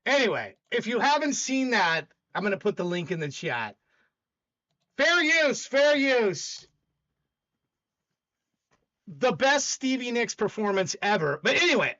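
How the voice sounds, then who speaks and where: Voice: mid-range voice, a bit bright, muffled recording. A live-stream music show host chatting casually while reviewing songs, gushing and rambling with many restarts.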